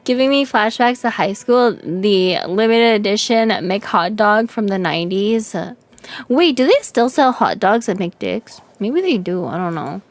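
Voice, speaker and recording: A woman's voice: medium pitch, animated, measured pace. A woman streamer chatting casually on a livestream, telling crude stories with frequent giggles and lots of "like". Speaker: vtuber streamer.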